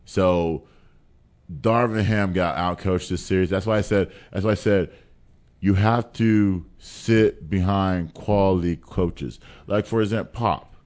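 Male host, very low voice, casual and animated sports chat with lots of repetition. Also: measured pace. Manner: animated, repeats words, laughs often.

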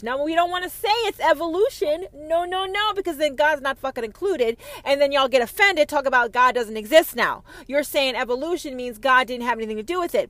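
A woman hosting a podcast, delivering a profane, confrontational rant that swings between loud outbursts and hushed lines. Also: a little high, dry recording. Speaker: podcast host. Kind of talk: ranting podcast monologue.

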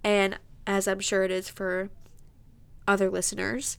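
A woman's voice: mid-range voice, monotone, measured pace, creaky, clear, resonant tone. A woman in her early twenties hosting a podcast, talking in a heartfelt, emotional way, sniffling and close to tears, with many fillers. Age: 20s. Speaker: podcast host. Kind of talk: casual heartfelt monologue.

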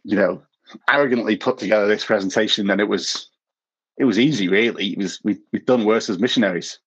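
Low-voiced man telling rambling stories. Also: brisk, fairly bright tone, husky, dull audio. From South Africa. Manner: rambling storyteller, self-mocking, chuckles at his own stories. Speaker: podcast guest, former missionary. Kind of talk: casual anecdotal interview talk.

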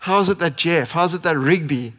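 A man's voice: fairly high pitch, brisk. Impassioned male preacher in reverberant hall. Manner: impassioned, rising to emphatic peaks then dropping soft. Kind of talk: sermon.

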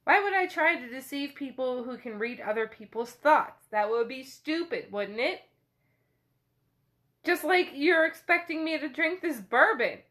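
A woman hosting a book podcast retells a chapter in a relaxed, chatty way. Her voice sits a little high, and she takes her time. She keeps dropping fillers as she paraphrases. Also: unhurried. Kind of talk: casual retelling of a novel chapter.

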